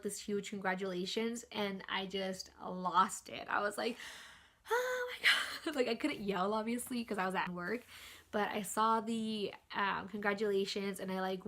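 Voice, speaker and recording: A young woman vlogger recounts a personal story straight to camera in a casual, chatty way. She leans on "like" as a filler constantly. Her voice sits at an ordinary middle pitch for a woman. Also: a bit bright. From California.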